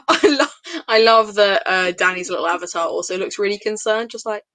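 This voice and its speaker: Bright, chatty young woman. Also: medium pitch, lively intonation, moderate pace. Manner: chatty, teasing, laughs a lot. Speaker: livestream host. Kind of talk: casual chat.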